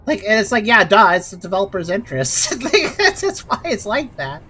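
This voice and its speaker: A woman hosting a gameplay video, talking in a casual, critical way. Her pitch sits in the middle but moves around a lot, with a dry, sarcastic edge. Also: big pitch swings, normal speed, fairly bright tone, husky. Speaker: let's play host.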